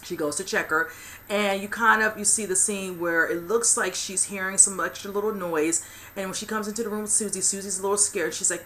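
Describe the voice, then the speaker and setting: A woman's voice: fairly low pitch, steady tone, fairly quick, sharp tone, a little hiss or hum. A woman hosting a casual TV episode recap, rambling along with lots of "you know" fillers. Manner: rambling retelling full of "you know" and "whichever". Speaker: host of a TV recap channel.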